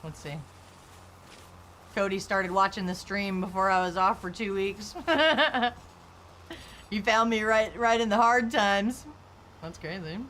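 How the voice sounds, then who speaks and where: A woman's voice: medium pitch, slow, long pauses, fairly bright tone, slight background noise. A young adult woman chatting casually on a game stream, rambling and candid, with lots of "like". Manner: rambling, candid, heavy use of "like". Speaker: live streamer. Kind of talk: casual stream chat while gaming.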